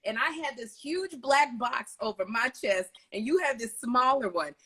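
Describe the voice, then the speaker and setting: A woman hosting a casual live video chat, telling lively stories over a video call. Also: fairly high pitch, moderate pace, breathy edge. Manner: animated storytelling, lively retellings. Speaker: host.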